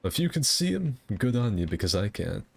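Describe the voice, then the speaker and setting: A man's voice: lowish voice, big pitch swings, brisk, vocal fry, slightly rough. A man chatting casually while he streams a game, rambling and self-deprecating. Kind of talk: casual gameplay commentary.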